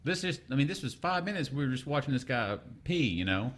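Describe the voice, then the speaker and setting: Casual podcast co-host, young man, animated storyteller, mid-pitch voice. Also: fast talker.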